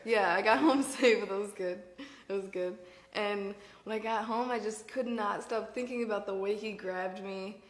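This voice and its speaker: A woman's voice: medium pitch, normal speed, roomy sound. A young woman guest telling a candid story, rambling with fillers and frequent giggles. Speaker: podcast guest. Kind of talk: candid storytelling, casual chat.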